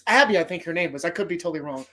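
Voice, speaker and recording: A man's voice: fairly high pitch, very fast, pushed and bright. Brief: male podcast host, loose and rambling, swears freely, heartfelt. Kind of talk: casual movie podcast talk.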